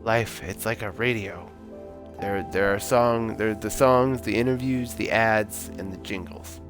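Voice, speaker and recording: A man voicing a bitter aging male ex-thief who talks over old times in a taxi in a gruff, unhurried way, as a reading from a story game. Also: lowish voice, steady tone, music in the background.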